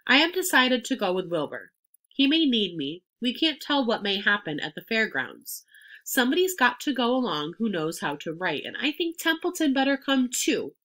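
A woman reading aloud and voicing a gentle, wise female spider who speaks softly and calmly. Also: a little high, moderate pace, pitched above the performer's own voice. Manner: soft, calm.

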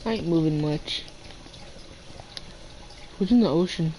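A man's voice: fairly high pitch, a little slow, dark tone, a little hiss or hum, rough recording. A teenage boy chatting casually while playing a video game, playful and talking to the animals in the game. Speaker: gamer. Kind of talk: casual gameplay chat.

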